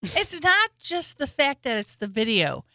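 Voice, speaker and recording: Woman, comedy podcast co-host, casual chat, earnest, emotional, near tears, slightly high bright voice. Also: wildly swooping pitch, a little slow, no room sound, studio quality.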